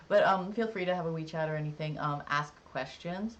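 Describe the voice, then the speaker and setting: A chatty live-streamer talking casually to viewers, rambling along with plenty of "like"s and "um"s. The voice sits at a middle pitch, with a faint hum of room ambience behind it. The manner stays easygoing and a little jokey. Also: expressive, fairly quick, few pauses, a bit bright, muffled recording. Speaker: livestreamer.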